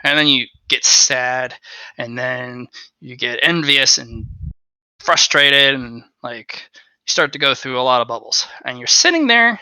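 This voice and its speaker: Guy game master narrating, super bright sharp voice, dry close mic, laughs and swears a lot. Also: medium pitch, expressive, a little slow, clean tone, no room sound, rough recording. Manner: laughing, swearing, dramatic asides.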